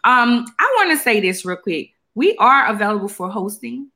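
Woman podcast host chatting away, kinda tired and yawny, bright voice, lotsa ums. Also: a little high, sing-song, moderate pace. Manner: chatty, rambling with fillers. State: tired, yawning. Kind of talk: casual chat.

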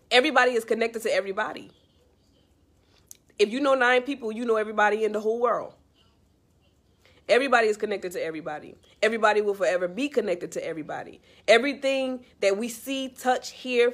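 A woman's voice: fairly high pitch, fairly quick. A woman in a casual, heartfelt monologue giving life advice straight to the listener, earnest and repetitive.

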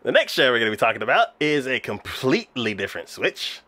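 Relaxed and animated, this male anime podcast co-host walks through scenes with a pitch that swings up and down. Frequent laughter breaks up his talk, and "um" and "like" fill his pauses.

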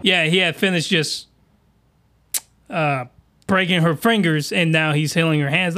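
A man hosting a podcast, giving crude, animated reaction commentary that often rises into excited yelling. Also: fairly high pitch, measured pace, pauses often. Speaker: podcast host.

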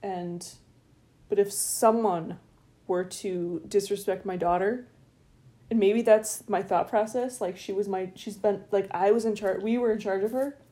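A middle-aged woman co-hosting a podcast, chatting casually and telling stories with lively acted-out voices. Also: mid-range voice, unhurried. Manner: animated storytelling, acts out voices. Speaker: podcast co-host. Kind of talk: casual chat.

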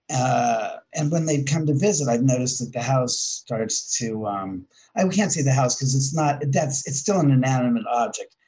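A man's voice: medium pitch, slightly rough, low-quality recording. A man, a guest in a casual interview, telling rambling ghost stories about his house and correcting himself as he goes. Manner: rambling, self-correcting, animated when retelling. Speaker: guest, haunted house owner.

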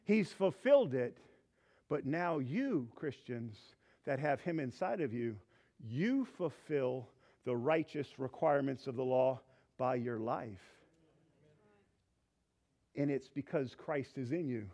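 A man preaching a sermon as pastor, swinging between fervent exclamations and a hushed altar-call prayer. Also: medium pitch, animated, slow, pauses often. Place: church sanctuary.

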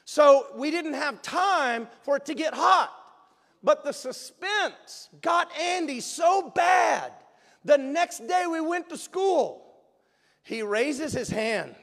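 Pastor guy with a really high voice, animated sermon story, long echo in a big church. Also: takes it slowly, gravelly. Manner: animated, emphatic, bursts of shouting. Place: church sanctuary. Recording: long reverb of a large hall.

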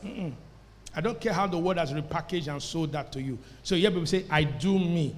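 A man preaching in a high, ringing voice, pressing his points and calling on the congregation to answer back. His sermon rolls out through a church hall with a long, echoing tail. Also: expressive, fast talker. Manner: emphatic preaching, call-and-response with the congregation. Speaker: pastor. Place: church service before a congregation.

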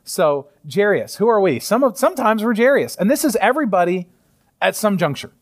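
A man in his thirties preaching a sermon in a conversational way, often chuckling and sometimes dropping to a soft near-whisper. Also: high-pitched, very animated, a little fast. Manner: chuckles often while speaking. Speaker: pastor.

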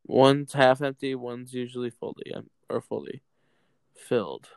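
Young male podcast co-host, smooth voice, dry close sound, crude jokester. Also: medium pitch, unhurried, no echo. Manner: joking, laughs often, crude. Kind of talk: casual chat.

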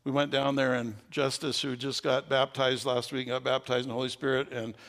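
An older man, a pastor with a gravelly voice, preaching a sermon with folksy stories that rise into fervent preaching. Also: mid-range voice, level tone, a little fast, fairly bright tone, long reverb tail.

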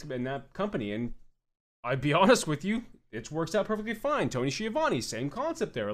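A young man rants on his podcast in a high, lively voice that leaps up and down as he argues. He is blunt and swears freely, firing off short punchy points. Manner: blunt and profane, mocking fans in quoted voices. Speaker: podcast host. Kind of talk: opinionated podcast rant.

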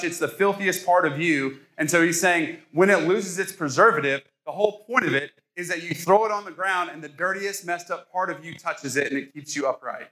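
A man's voice: a little high, pushed and bright. A man in his thirties from Ohio, preaching a casual sermon as a pastor and joking with the congregation.

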